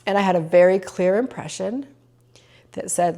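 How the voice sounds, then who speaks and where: A woman's voice: on the low side, moderate pace, mellow. Earnest, emotional middle-aged woman. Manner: earnest, openly emotional, with many fillers. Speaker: podcast host. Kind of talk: personal reflective podcast monologue.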